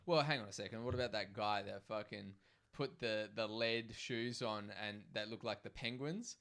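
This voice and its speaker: A man's voice: lowish voice, normal speed, a bit bright. A young man, co-hosting a casual podcast, laid-back and skeptical, swearing freely. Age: young adult. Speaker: podcast co-host. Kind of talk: casual chat.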